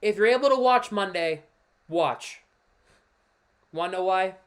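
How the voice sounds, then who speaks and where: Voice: mid-range voice, lively intonation, measured pace, clear, resonant tone. Frustrated hockey fan ranting on a stream. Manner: walks viewers through a play by pointing on screen. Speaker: livestream host and hockey fan. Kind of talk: casual livestream commentary on a game.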